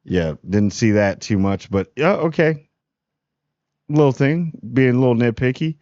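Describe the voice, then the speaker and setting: Blunt, animated man from New Jersey reviewing TV. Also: medium pitch, unhurried, no echo, highs cut off. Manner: blunt, animated, frequent restarts. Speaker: TV review host. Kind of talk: casual spoiler review.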